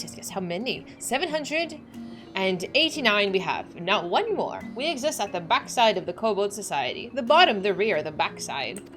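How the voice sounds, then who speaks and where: Small whiny kobold digger, begging and dramatic, put on by a woman, soft and a touch low, lively swoops. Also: lightly acted. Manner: repeats "yes, yes, yes", dramatic and pleading. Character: groveling downtrodden kobold digger, small and pleading. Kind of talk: reading game dialogue aloud.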